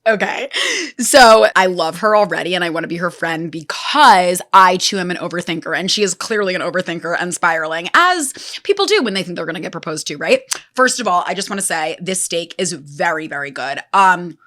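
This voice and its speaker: A woman's voice: lowish voice, brisk, fairly bright tone. A woman hosting a podcast in a casual, chatty way, eating as she talks and using lots of fillers. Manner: chatty, eating while talking, many fillers. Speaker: podcast host. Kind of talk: casual chat.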